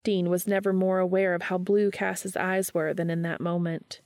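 Low, gravelly woman reading a story. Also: flat delivery, moderate pace, darkish tone, no room sound. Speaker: audiobook narrator. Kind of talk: fan fiction audiobook reading.

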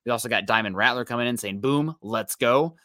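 Male stream co-host, relaxed chat tone, crisp bright voice, dry close mic. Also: mid-range voice, brisk, no room sound. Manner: reads viewer comments aloud, easygoing. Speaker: co-host of a fan livestream. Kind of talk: casual livestream chat.

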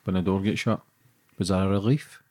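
A man with a low, mellow voice who talks quickly. He hosts a conversational podcast, asking blunt questions in a casual, filler-heavy way, recorded dry and close. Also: fairly even intonation, dry recording. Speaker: podcast host.

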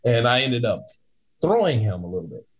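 A man chatting casually and telling a rowdy story. He talks in an easygoing, ordinary voice at a middle pitch. He keeps acting out the people in it with quick shifts of voice. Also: slightly rough. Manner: animated storyteller, acts out voices in his anecdotes. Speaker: guest telling a bouncer story. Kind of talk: casual podcast chat.

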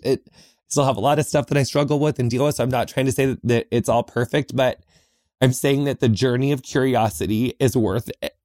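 A man of middle pitch hosts his own podcast and talks earnestly, picking his words slowly with many pauses and restarts. He records in a small closet, so the sound is close and dry, with no room echo. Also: darkish tone. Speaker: podcast host. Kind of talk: heartfelt solo podcast talk.

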